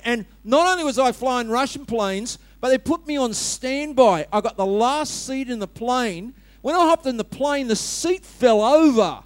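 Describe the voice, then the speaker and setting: High-voiced man preaching with humor. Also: clean tone, dry recording. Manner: humorous, storytelling, talks directly to the congregation. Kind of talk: sermon.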